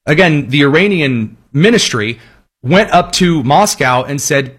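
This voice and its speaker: A man's voice: on the high side, lively intonation, a little slow, a bit bright, breathy edge. A man delivering a political commentary monologue, sarcastic, with long listing sentences.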